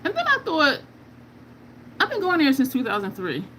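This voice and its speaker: A woman's voice: sits high, wildly swooping pitch, moderate pace, a bit bright, slight background noise, poor audio. A middle-aged woman hosting a beauty video, chatting casually with viewers while she applies makeup and tells stories with asides. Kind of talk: casual live chat while applying makeup.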